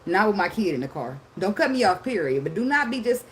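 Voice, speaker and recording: A woman's voice: mid-range voice, sing-song, quick pace, slight background noise. A woman tarot reader talking casually in a blunt, profane way, laughing often. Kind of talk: casual unscripted monologue.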